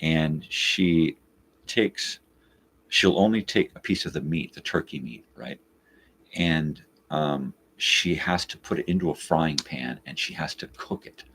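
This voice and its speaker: A man's voice: a bass voice, measured pace, slight background noise. A man hosting a live morning show, telling a story casually, swearing and exasperated, acting out both sides of what was said. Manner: animated, acts out both sides of the quoted talk.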